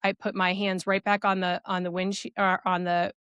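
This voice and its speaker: A young woman recounting a personal story as a podcast guest, earnest and quick, with many fillers. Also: medium pitch, level tone, fairly bright tone, smooth, no room sound.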